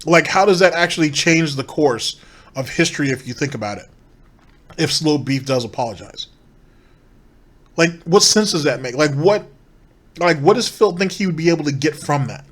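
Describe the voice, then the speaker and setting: A man's voice: a little high, expressive, normal speed, pauses often. Sarcastic male commentary host. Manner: critical, sarcastic, rhetorical questions. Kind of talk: reaction commentary on a streamer clip.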